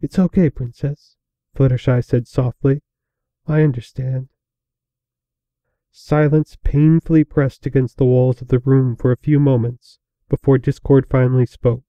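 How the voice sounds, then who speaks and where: A man narrating a fan fiction story aloud in a slow, measured way. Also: medium pitch, flat delivery, mellow, no echo, dull audio.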